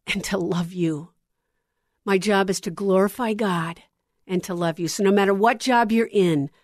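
A middle-aged woman hosting a Christian radio show, sharing her testimony in an earnest, intimate way that drops to a hush on tender lines. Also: mid-range voice, dry recording, studio quality. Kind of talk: heartfelt on-air testimony.

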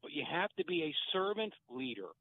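A man's voice: on the high side, very animated, brisk. Male radio caller, earnest, scripture-quoting, tinny phone with faint hiss. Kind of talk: phone-in talk.

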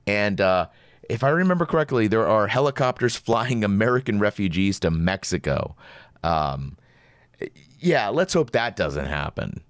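A man's voice: fairly low pitch, very animated, normal speed, dry recording, studio quality. A man hosting a podcast, delivering an opinionated monologue in a sarcastic, ranting way. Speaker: podcast host.

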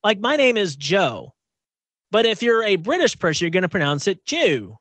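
A man's voice: high voice, sing-song, moderate pace, fairly bright tone, dry recording. A man co-hosting a podcast in casual chat, often laughing and stumbling over his words. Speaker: radio podcast co-host.

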